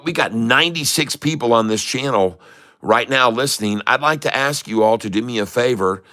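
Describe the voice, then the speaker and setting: Fairly low in pitch yet bright and forceful, a middle-aged man hosts a live trading stream. He greets viewers in an upbeat way, reads out their chat messages, and rallies the audience.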